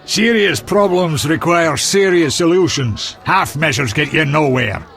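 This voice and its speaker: A man's voice: a little high, expressive, measured pace, a bit bright. A man voicing a blunt, coarse male dwarf drinking companion in a video game. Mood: scornful. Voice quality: gravelly.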